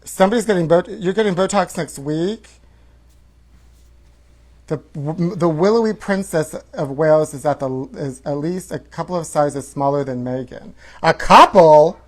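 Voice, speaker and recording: A man with a fairly high, darkish voice hosts a comedy show at a moderate pace, reading out tabloid stories. Catty and sassy, he keeps calling his listener honey between gasps of mock outrage in a campy send-up of the headlines.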